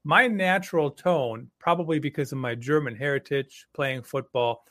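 A man's voice: medium pitch, normal speed, pushed and bright, no echo, clean studio sound. A man hosting a podcast interview, talking in a firm, direct way. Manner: firm, direct, can sound like a drill sergeant. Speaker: podcast host.

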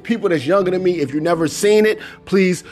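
A man's voice: high-pitched, a little fast, soft background music. A middle-aged man hosting a casual solo podcast, talking animatedly and acting out movie lines. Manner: animated, quotes movie lines in put-on voices. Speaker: podcast host.

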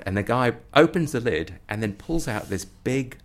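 A man telling a comic story as an interview guest, acting out the voices of the people in it. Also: normal speed. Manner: animated storyteller, acting out voices with rising pitch. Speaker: comedy performer and guest. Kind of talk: anecdotal storytelling.

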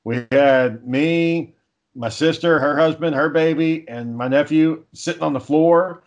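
A man tells stories in loose, casual chat, cursing freely and laughing along. His voice sits a little on the high side for a man. He keeps an easygoing pace. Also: a little slow, lo-fi sound. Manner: laid-back storyteller, swears a lot, chuckles.

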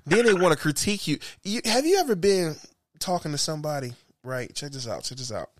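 A man hosting a podcast, telling stories in a casual, profane, animated way. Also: fairly high pitch, a little fast, no echo, clean studio sound. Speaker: podcast host.

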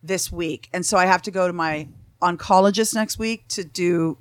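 A woman's voice: on the low side, normal speed, no room sound, studio quality. A middle-aged woman, a podcast guest, telling her own stories in casual chat, blunt and profane, acting out the people she quotes. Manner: blunt, profane, animated storytelling.

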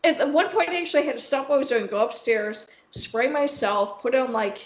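A woman's voice: sits high, animated, fairly quick. A young woman co-hosting a podcast, rambling through a story with lots of swearing and "like". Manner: rambling, swearing, heavy use of "like". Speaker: podcast co-host. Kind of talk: casual storytelling chat. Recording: roomy, slightly dull sound.

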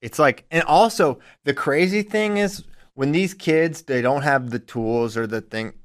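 A man co-hosting a podcast, who works as a wrestling coach, chats casually and tells stories in an animated way, acting out quotes as he goes. His voice is fairly high-pitched and his pace is measured.

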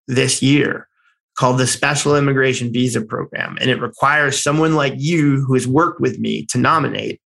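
A man from the United States, a military veteran, tells a personal war story in an animated, conversational way, blunt and casually swearing, with frequent restarts. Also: mid-range voice, creaky, poor audio. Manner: animated, excited storytelling with many restarts and fillers.

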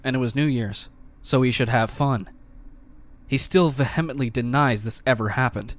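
A man giving scripted narration of reader stories in an even, measured delivery. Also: medium pitch.

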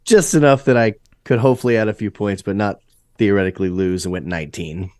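A man's voice: on the low side, fast talker, a little mellow, no room sound, clean studio sound. A man, a joking, self-deprecating quiz contestant chatting casually. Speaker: game show contestant. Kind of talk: casual chat.

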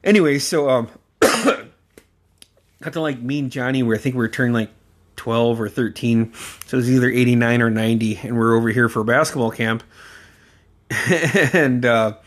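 A man in his forties telling casual, rambling stories about his uncle, swearing freely and breaking into laughter as he goes. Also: mid-range voice. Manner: rambling, profane, often laughing mid-sentence; halting, with many fillers and restarts. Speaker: storyteller remembering a late relative. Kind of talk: casual anecdotal storytelling.

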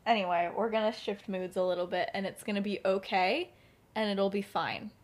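A woman's voice: medium pitch, steady tone, normal speed. A woman casually telling a story on a podcast, chatty and giggly, with many filler words. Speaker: podcast co-host.

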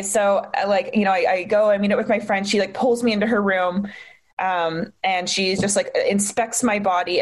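A young woman telling a personal story in conversation, candid and halting, with many fillers and restarts. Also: medium pitch. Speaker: guest.

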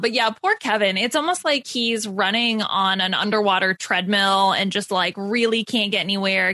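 Bright-voiced woman giving opinionated recap. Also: medium pitch, no room sound. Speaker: podcast co-host recapping a reality show. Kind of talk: casual recap chat.

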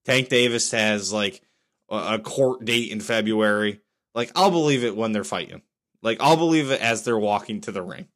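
A man's voice: fairly low pitch, normal speed, a bit bright. A man in his thirties hosting a solo podcast, talking bluntly and getting fired up over his opinions. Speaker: podcast host. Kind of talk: casual solo podcast rant.

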